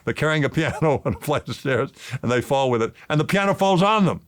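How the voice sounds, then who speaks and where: A man's voice: quick pace, no echo. A man in his seventies, an actor and author, telling stories in an interview and getting emotional as he talks. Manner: emotional, rises in pitch when excited. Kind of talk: animated storytelling interview.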